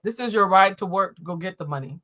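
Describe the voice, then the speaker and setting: A woman's voice: mid-range voice, quick pace. Tarot reader, woman: loose live-stream host who jokes, laughs and swears easily, talking with viewers into a laptop setup. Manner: animated, joking, laughing, swearing, chatting with viewers. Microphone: laptop or camera setup.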